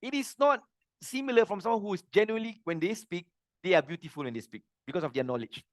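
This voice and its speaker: A middle-aged man teaching a religious lesson, earnest and plain-spoken, with animated delivery. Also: high-pitched, fast talker, no room sound, studio quality.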